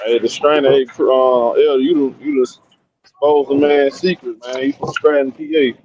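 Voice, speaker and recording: A teasing man in a casual sports chat, mid-pitched, restarting his sentences until he gets the floor. His audio is dull and lo-fi, like a remote line. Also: steady tone, moderate pace, darkish tone, no room sound. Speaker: podcast co-host.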